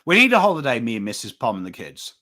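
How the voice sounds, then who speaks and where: Chatty northern English man with bright tone. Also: mid-range voice, huge pitch swings, fast. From England. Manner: chatty, rambling, swears casually, reads chat names. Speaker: watchalong host. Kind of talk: casual live-stream chat.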